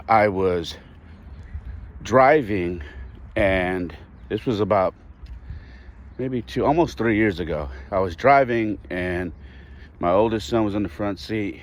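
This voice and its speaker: Deep-voiced man telling a personal story. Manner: candid, reflective, with restarts and sighs. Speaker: podcast host.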